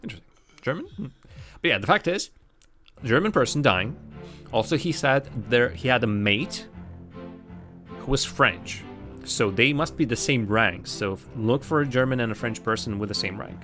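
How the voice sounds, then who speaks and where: A man's voice: medium pitch, expressive, normal speed, pauses often, fairly bright tone, faint music behind. A man streaming a game live, chatting casually with viewers and thinking aloud as he plays. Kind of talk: live gameplay commentary.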